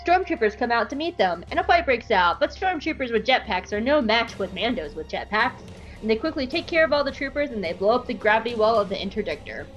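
A woman hosting a podcast, recapping an episode in an animated, jokey way. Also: on the high side, fast, faint music behind, poor audio. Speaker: podcast host.

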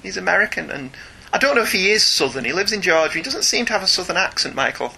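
A man co-hosts a casual podcast, chatting animatedly, laughing often and reading listener emails aloud. His voice is high-pitched and gravelly with a breathy edge, and he talks fast.

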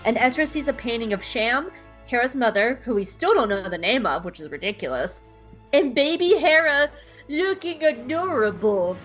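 A woman's voice: fairly high pitch, sing-song, moderate pace, fairly bright tone, lo-fi sound, faint music behind. A young woman hosting a podcast, chatting casually and giggly through an episode recap. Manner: chatty, giggly, lots of fillers. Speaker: podcast host.

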